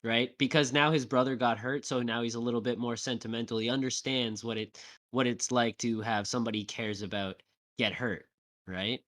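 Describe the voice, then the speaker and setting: A man co-hosting a podcast, recapping a TV episode in a casual, animated way, swearing often and tagging "right?" onto his sentences. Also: medium pitch, fairly quick. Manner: animated, swears a lot, acts out quotes; tag questions like "right?". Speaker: podcast co-host.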